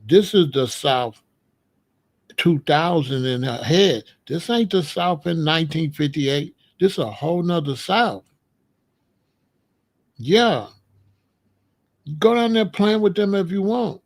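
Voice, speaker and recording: A man's voice: on the high side, animated, slow, pauses often. A man giving a blunt, streetwise commentary monologue, repeating his points. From Chicago. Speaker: commentary host.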